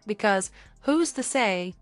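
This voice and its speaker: A young woman co-hosting a studio podcast, lively and animated as she acts out quick scenes. Her voice sits at a middle pitch, recorded close and dry with faint music underneath. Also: no echo. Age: young adult. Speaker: podcast co-host. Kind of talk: casual podcast chat.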